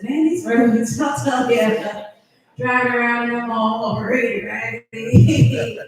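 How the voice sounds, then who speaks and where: A woman's voice: on the high side, noisy background. A woman doing a stand-up set, rambling and self-deprecating and often laughing at her own jokes. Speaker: stand-up comedian. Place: comedy club. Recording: very echoey club room.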